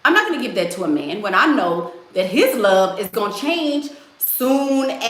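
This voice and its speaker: A woman's voice: medium pitch, sing-song, moderate pace, a bit bright, echoey room. A woman giving blunt, sassy dating advice while answering viewers in a casual live stream. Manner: blunt, sassy, emphatic, addresses viewers as y'all.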